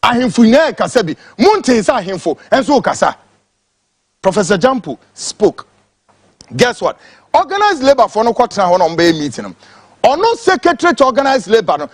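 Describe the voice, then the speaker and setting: A man's voice: sits high, very animated, normal speed, no room sound. A Ghanaian man giving an angry, impassioned political rant, switching between English and Twi. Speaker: political commentator.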